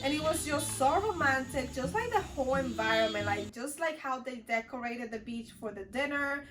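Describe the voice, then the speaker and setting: A woman's voice: sits high, animated, moderate pace, music in the background. A young woman from the Dominican Republic telling a storytime vlog in a chatty, rambling way, full of "like" and restarts. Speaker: vlogger. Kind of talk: casual storytime chat.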